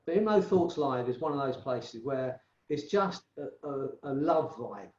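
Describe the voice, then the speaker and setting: A man's voice: mid-range voice, animated, measured pace. A middle-aged man, a hypnotherapist guest talking casually in a rambling, restarting way. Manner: warm rambling storyteller with many restarts. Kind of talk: casual interview chat. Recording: echoey, dull remote call audio.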